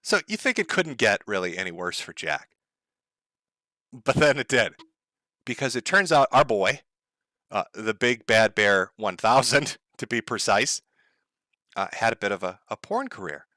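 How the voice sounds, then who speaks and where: A man's voice: lowish voice, expressive, a little slow, long pauses, sharp tone, no echo, studio quality. A man giving mocking, profane online commentary, sarcastic and laughing at his own jokes.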